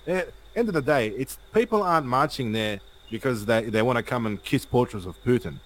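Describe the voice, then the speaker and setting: A man's voice: medium pitch, animated, a little fast, fairly bright tone, poor audio. A man hosting a casual interview and pushing his opinions emphatically. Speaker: host.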